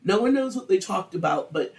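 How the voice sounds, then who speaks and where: A podcast host spins a true-crime tale in loose, animated talk. The speech is crude and playful, and the voice sits a little back from the microphone. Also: medium pitch, brisk, vocal fry, far from the mic. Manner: animated, crude, acts out quotes. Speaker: podcast host telling the story. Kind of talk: casual true-crime storytelling.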